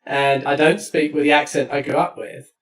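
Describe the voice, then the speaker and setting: A man's voice: fairly high pitch, flat delivery, normal speed. A man from East London hosting a casual interview chat, telling stories with frequent restarts. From East London, England. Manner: chatty, storytelling, frequent restarts. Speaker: podcast host. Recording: distant from the mic.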